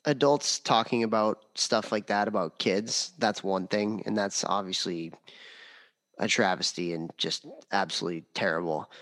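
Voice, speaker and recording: A man's voice: lowish voice, normal speed, fairly bright tone, in a large hall. A man co-hosting a hockey podcast, reacting bluntly and indignantly in casual chat. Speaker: podcast co-host.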